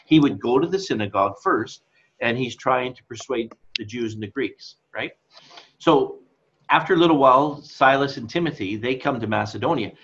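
A man's voice: mid-range voice, moderate pace, fairly bright tone, slight background noise. A middle-aged man co-hosting a casual Bible study chat, rambling and laughing at his own asides. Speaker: co-host of Bible discussion. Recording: slightly dull lo-fi audio.

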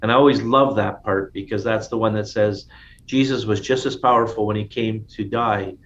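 A man's voice: on the low side, steady tone, normal speed. A man teaching a casual Bible study in an enthusiastic, conversational way, often restarting his sentences. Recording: dull lo-fi sound with faint noise.

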